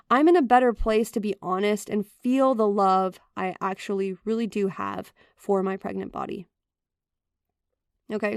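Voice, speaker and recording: A woman's voice: mid-range voice, dry recording, clean studio sound. A woman hosting a podcast, talking in an earnest, encouraging and direct way. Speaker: podcast host. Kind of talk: motivational podcast talk.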